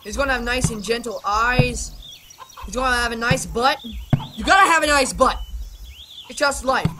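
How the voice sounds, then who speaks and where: A woman gaming YouTuber doing let's play commentary, excitable and chatty, talking to the creatures in the game. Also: a little high, normal speed. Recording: game clucking and rooster noise behind.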